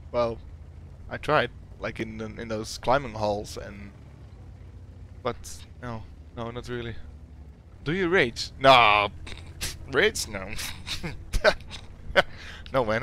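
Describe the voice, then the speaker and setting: A young man from the Netherlands with a Dutch accent, a YouTuber casually reading out viewer questions and answering them with giggles and halting fillers. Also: mid-range voice, sharp tone, slight background noise. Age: young adult. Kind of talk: casual Q&A chat.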